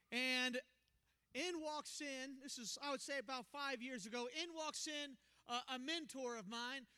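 Bright high-voiced man preaching a sermon. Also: clear, resonant tone. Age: young adult. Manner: animated storytelling with acted quotes. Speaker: pastor.

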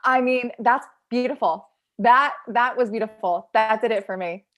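A woman's voice: on the high side, moderate pace, a bit bright. A woman hosting a podcast in casual conversation, speaking in an emotive, heartfelt way with frequent restarts. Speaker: podcast host.

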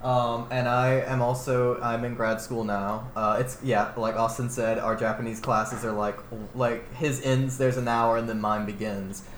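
Twenties male co-host, relaxed chatter, roomy echo, faint hiss. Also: mid-range voice, a little slow, few pauses. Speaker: podcast co-host. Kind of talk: casual chat.

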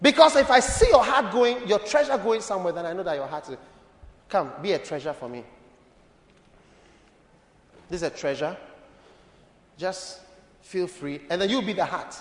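A man preaching a lively sermon as a bishop, playful and calling on the congregation to answer. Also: fairly high pitch, normal speed, pauses often. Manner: animated, playful, calls on the congregation. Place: church hall. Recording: echoey church hall.

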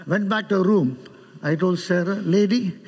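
A man's voice: high-pitched, normal speed, husky. A middle-aged man from India preaching a sermon in a church, joking with the congregation and acting out voices. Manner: animated, joking with the congregation, acts out quoted voices. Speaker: guest preacher. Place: church sanctuary. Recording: preached in a large reverberant hall.

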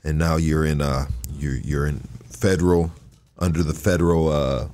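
A man hosting a podcast, asking relaxed follow-up questions and talking casually with some hesitation. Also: rumbling low, moderate pace. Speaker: podcast host. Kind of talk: casual interview.

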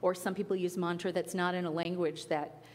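A woman's voice: on the low side, level tone, fairly quick, a little mellow, long reverb tail. A woman giving an earnest, conversational spiritual talk with playful asides. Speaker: spiritual teacher. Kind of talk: sermon-style talk.

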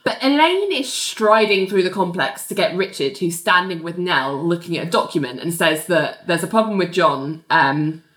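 A woman's voice: lowish voice, normal speed, hardly any pauses, echoey room. Chatty woman recapping with laughter. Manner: lively storyteller who laughs often. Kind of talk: casual chat retelling a TV episode.

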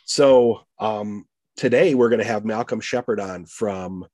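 A man with an American Midwest accent hosts a relaxed podcast conversation. His voice sits fairly low, and he talks haltingly, filling pauses with ums and restarting his sentences. The sound is dry and close, with no room echo. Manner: halting, many fillers and restarts. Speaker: podcast host. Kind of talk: casual interview chat.

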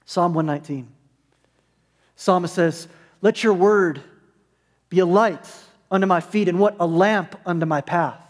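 A man's voice: high-pitched, unhurried, pauses often. A man preaching as a pastor in a sermon, conversational with humorous asides, in a church sanctuary. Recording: long hall reverb.

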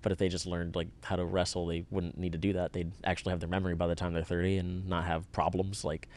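A man's voice: low-pitched, level tone, quick pace, a little mellow. A young man, a professional fighter and interview guest, talking casually and rambling with lots of "like.". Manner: rambling, full of "like" fillers.

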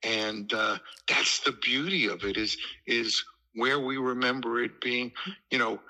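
An older man tells animated stories as an interview guest. His voice is bright and forceful, with a gravelly, husky grain. He slips into playful impressions of the people he quotes. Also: medium pitch, a little slow, poor audio. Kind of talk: casual storytelling interview.

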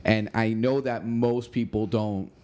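Low-voiced laid-back man chatting. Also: steady tone, unhurried, a little mellow. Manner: easygoing, swears casually, frequent "you know" and restarts. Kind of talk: casual chat.

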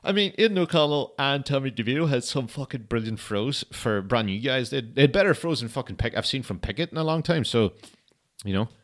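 A man's voice: mid-range voice, lively intonation, a little fast. A young man hosting a podcast, chatting casually in a rambling, laid-back way and swearing often. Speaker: podcast host. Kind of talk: casual solo chat.

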